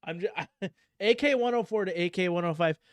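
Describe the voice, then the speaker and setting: A male podcast host with a smooth, slightly high voice, talking fast and loose with plenty of swearing and laughter. The close, dry recording leaves almost no room sound. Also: no echo. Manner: animated, profane, laughs often. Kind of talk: casual podcast chat.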